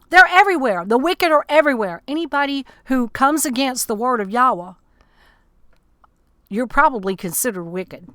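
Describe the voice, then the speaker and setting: A woman's voice: fairly high pitch, a bit bright, no echo, clean studio sound. A woman ministering on radio, reading psalms and commenting emphatically, repeating key lines.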